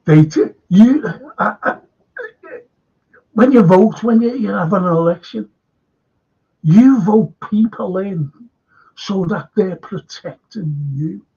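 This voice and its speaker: An older man with a Liverpool accent talks slowly and warmly in a husky, slightly high voice, wandering from thought to thought and restarting his sentences. The stream audio sounds dull and lo-fi. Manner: slow, meandering, with many restarts. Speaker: live stream host reading viewer comments. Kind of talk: rambling casual chat.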